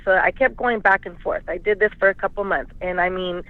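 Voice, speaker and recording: Over a thin, dry phone line, a female caller rambles emotionally through her confession, repeating what each side of an argument said. Her voice is mid-range and fairly quick, and the recording is dry.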